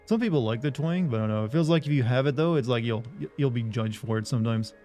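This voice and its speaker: Streaming a game live, this young man rambles chattily and pokes fun at himself, a slight Southern US accent coloring his speech. He talks fast in a mid-range voice with a dark tone. The lo-fi audio carries soft background music.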